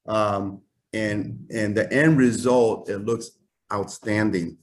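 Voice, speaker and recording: A man in his fifties, a suit maker talking casually as an interview guest, self-assured and animated, often tagging lines with "right?". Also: on the low side.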